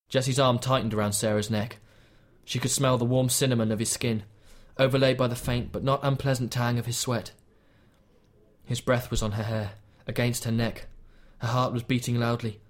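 Man narrating an audiobook, measured. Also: mid-range voice. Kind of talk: scripted narration.

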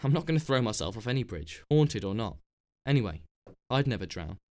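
A man reading the part of a wry young homeless man who speaks quietly and with assurance. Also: mid-range voice, very animated, brisk, natural voice.

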